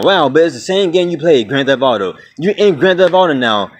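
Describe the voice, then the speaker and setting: A man's voice: high voice, very animated, fairly quick, few pauses, slight background noise. A man in his twenties ranting bluntly to his viewers in a casual vlog, swearing freely and calling them "y'all" and "man". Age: 20s. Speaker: vlogger. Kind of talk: casual rant to camera.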